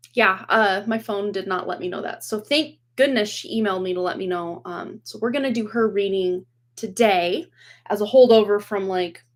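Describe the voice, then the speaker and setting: Chatty woman in her forties, a bit hoarse. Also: medium pitch. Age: 40s. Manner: chatty, rambling, laughs often, many fillers. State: slightly hoarse from a cold and raw throat. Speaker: tarot reader and livestream host. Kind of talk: casual livestream chat. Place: home room with dog toys and boxes behind. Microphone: computer webcam.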